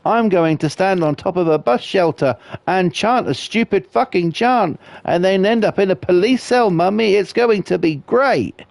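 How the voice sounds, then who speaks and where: A man's voice: sits high, moderate pace, vocal fry, few pauses, no room sound, pitched above the performer's own voice. A man putting on the voice of a whiny, childish male football fan who keeps calling for his mummy, in a mocking sing-song. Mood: mocking whine.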